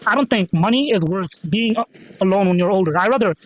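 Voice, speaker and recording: A man's voice: high-pitched, lively intonation, fast talker, lo-fi sound. A man hosting a solo podcast, rambling and swearing, with lots of fillers and restarts as he repeats himself. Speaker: podcast host.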